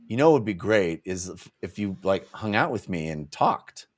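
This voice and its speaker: A man voicing a calm figure who gently invites someone to stay and talk. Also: low voice, moderate pace, pitched below the performer's own voice. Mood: coaxing. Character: calm man offering quiet company.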